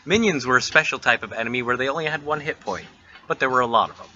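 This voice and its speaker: Guy dm'ing a tabletop game, super bright voice, kinda muffled lo-fi audio. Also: medium pitch, fast talker. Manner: casual, swears freely. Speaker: game master. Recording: dull lo-fi recording with faint hiss.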